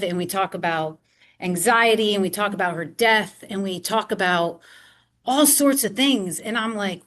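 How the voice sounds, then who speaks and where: Woman doing a story talk for a crowd, acts out the quotes, mid-pitch voice. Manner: animated, acts out her own and others' quoted lines. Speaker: speaker at a library talk. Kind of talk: personal storytelling to an audience. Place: public library talk before a live audience.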